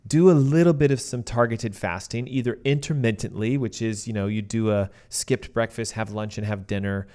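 A man's voice: on the low side, normal speed. Man explaining health topics on a podcast. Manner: explanatory, steady lecturing tone. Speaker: podcast co-host, doctor.

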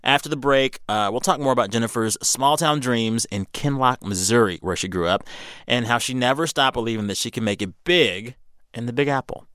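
A man's voice: medium pitch, fairly quick, a bit bright, clean tone, no room sound, clean studio sound. A man hosting an interview in an easygoing way, laughing along with his guest. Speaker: host. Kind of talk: conversational interview.

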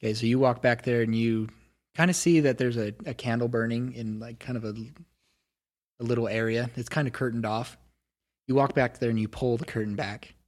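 A man's voice: mid-range voice, steady tone, brisk, a little mellow. A man running a tabletop game as game master, narrating casually with lots of filler words.

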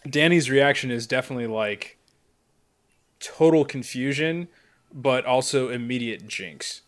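A man playing a tabletop game, quickly describing his character's reaction. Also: mid-range voice. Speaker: player.

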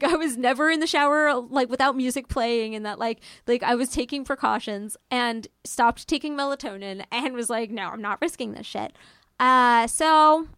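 A young woman tells a personal ghost story in a loose, chatty way, full of fillers and casual swearing, acting out her own lines as she goes. Her voice sits a little high with plenty of gravelly fry. The sound is dry and close, with no room echo. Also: fairly bright tone.

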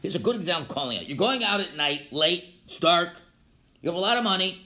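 A man giving a Torah class lecture, animated, calling out his examples loudly. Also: high-pitched, fast talker. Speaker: Torah teacher. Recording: echoey room.

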